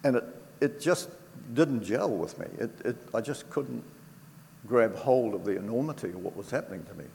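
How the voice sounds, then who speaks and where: An older man giving a personal faith testimony to an audience, telling it earnestly and from the heart, with pauses and restarts. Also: medium pitch, expressive, vocal fry, darkish tone. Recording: reverberant hall with faint background noise.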